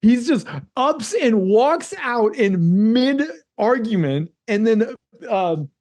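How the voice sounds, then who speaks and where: A man co-hosting a casual movie podcast, excitable, laughing often and quoting scenes in mimicking voices. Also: high-pitched, takes it slowly. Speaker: podcast co-host. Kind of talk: casual movie-discussion chat.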